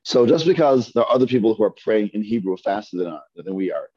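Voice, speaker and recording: A man's voice: lowish voice, animated, fast, a little mellow, husky, dry recording, lo-fi sound. A man teaching a Hebrew reading class, patiently sounding out words one syllable at a time and asking learners to repeat. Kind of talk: slow syllable-by-syllable reading lesson.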